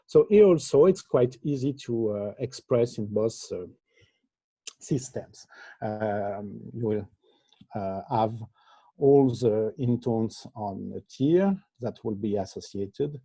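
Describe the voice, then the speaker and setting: A man presenting an academic lecture over a video call, halting often with filler sounds. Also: fairly low pitch, animated, gravelly, dark tone, slightly rough, no room sound. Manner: hesitant, frequent filler sounds. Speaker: conference presenter.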